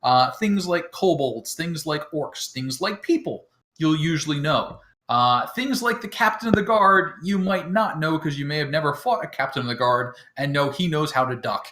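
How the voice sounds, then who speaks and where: Relaxed man running a tabletop game. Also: on the high side, moderate pace, few pauses. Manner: relaxed, filler-heavy, chuckles often. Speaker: game master. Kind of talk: explaining game setup to players. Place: home, talking over voice chat.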